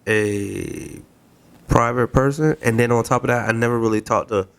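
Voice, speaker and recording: A man's voice: mid-range voice, normal speed, creaky, a bit bright, smooth. Laid-back man, blunt casual talk. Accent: South Florida. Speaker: podcast co-host. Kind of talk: casual chat.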